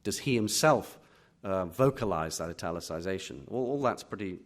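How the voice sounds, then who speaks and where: A middle-aged Englishman, a literary critic answering audience questions at a live reading, full of pauses and restarts. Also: deep voice, animated. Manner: hesitant, many fillers and restarts. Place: auditorium.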